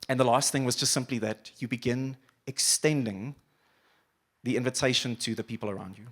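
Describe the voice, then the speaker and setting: A man preaching a sermon as pastor, animated, acting out quoted voices and dropping to quiet intensity. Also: mid-range voice, moderate pace, slightly rough. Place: church auditorium.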